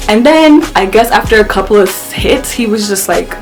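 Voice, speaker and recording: A young woman telling a story on her vlog, animated and swearing as she acts out the quotes. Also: a little high, fairly quick, few pauses, faint music behind. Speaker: vlogger.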